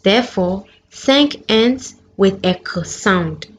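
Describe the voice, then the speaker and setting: Woman language teacher, slow deliberate delivery, muffled lo-fi recording with light hiss. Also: medium pitch. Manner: clear, careful pronunciation of each example. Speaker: French teacher. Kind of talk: slow, deliberate lesson narration. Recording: dull lo-fi sound with faint background noise.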